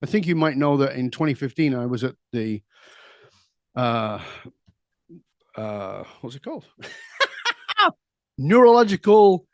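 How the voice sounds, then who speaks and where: A middle-aged man, a guest on an interview show, telling stories in an animated, conversational way, laughing easily and throwing in quick asides. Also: mid-range voice, no echo, studio quality. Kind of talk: conversational storytelling.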